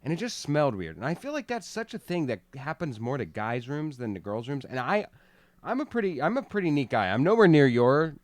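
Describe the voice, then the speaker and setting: A man's voice: on the high side, very animated, a little fast, dry recording. Dry-sounding man in teasing podcast banter. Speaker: podcast co-host. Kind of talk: casual chat.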